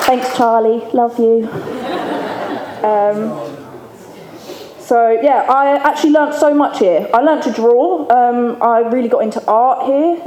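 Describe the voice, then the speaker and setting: A woman delivers a chatty, open recovery testimony before an audience in an event hall, laughing often. Her voice is a little high and mellow. The recording picks up a slight hiss or hum, echo from the hall, and faint room ambience.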